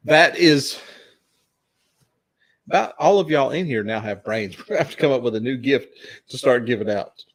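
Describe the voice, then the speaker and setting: A man's voice: medium pitch, normal speed, long pauses. A man with a Southern US accent hosting trivia in casual live-stream chat, chuckling as he reads out questions. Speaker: trivia host.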